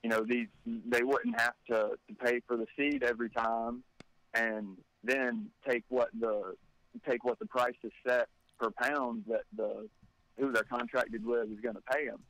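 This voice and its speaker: A man's voice: medium pitch, fairly even intonation, unhurried, a bit bright, no echo, rough recording. A man from North Carolina talks in a casual podcast conversation and often trips over and repeats his words while he thinks. His voice sits in an average register, and he sounds close and dry, with no room around him.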